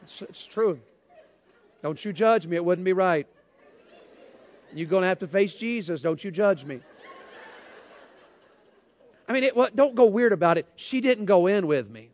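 A man's voice: sits high, animated, a little slow, pauses often. A man preaching a sermon, telling a folksy, joking story and addressing the crowd directly.

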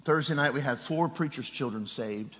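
A man's voice: mid-range voice, moderate pace, a bit bright, big-room sound. A middle-aged man preaching a sermon, telling a personal story with rising emotion and a raised voice at its peak.

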